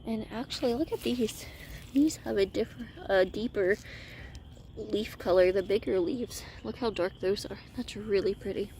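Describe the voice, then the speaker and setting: A woman's voice: medium pitch, moderate pace, dark tone, a little hiss or hum. A woman chatting casually through a garden vlog outdoors, a little out of breath, correcting herself as she goes. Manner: chatty, self-correcting, friendly. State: slightly out of breath. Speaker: gardening vlogger.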